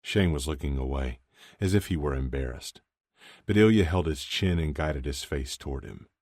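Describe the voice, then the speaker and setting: A man reads an audiobook in a measured, even way. His voice is very deep. The recording is dry and close. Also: dry recording. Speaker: audiobook narrator. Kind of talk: scripted narration.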